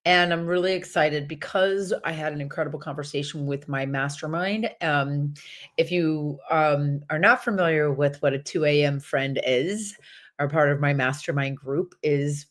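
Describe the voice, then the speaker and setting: A woman's voice: sits low, moderate pace. Chatty, upbeat woman livestreaming. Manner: chatty and rambling, with many fillers; enthusiastic and upbeat. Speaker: horse rescue trainer and vlogger. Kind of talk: casual daily livestream talk.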